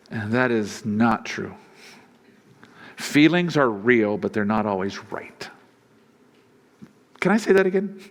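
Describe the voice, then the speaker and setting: A male pastor preaching a sermon in a relaxed, conversational way. He chuckles often and acts out quoted lines. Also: on the low side, moderate pace, long pauses.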